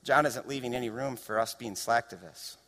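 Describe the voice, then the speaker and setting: A man preaching a sermon as pastor, storytelling and building to impassioned shouts. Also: mid-range voice, a little fast. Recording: long reverb of a large hall.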